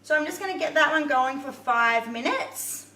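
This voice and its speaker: A woman's voice: sits high, animated, moderate pace, bright, forceful tone, far from the mic, rough recording. A woman, chatting casually to viewers as she hosts a live cooking demonstration in her home kitchen. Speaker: home cook hosting a live cooking video.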